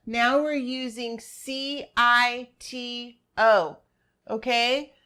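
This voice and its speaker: A woman's voice: a little high, pushed and bright, smooth. A middle-aged woman teaching a Spanish grammar lesson over a shared screen, patiently checking in with her students as she explains. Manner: patient, checks in with "all right?" and "okay?".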